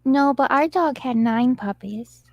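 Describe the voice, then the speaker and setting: A woman's voice: sits high, a little slow, no echo, lo-fi sound. A woman co-hosting, playful and giggly, pleading in casual chat.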